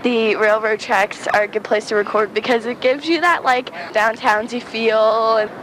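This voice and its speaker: Young woman, chatty and rambling, recorded outside near the tracks, higher voice, loud train noise behind. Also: fairly even intonation, normal speed. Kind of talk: casual vlog. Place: outdoors by railroad tracks in hot sun.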